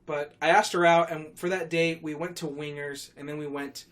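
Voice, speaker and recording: A man's voice: fairly high pitch, fairly even intonation, normal speed, a bit bright. A young man hosting a podcast, rambling through a story with crude teasing and frequent laughs. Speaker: podcast host. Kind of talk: casual storytelling banter.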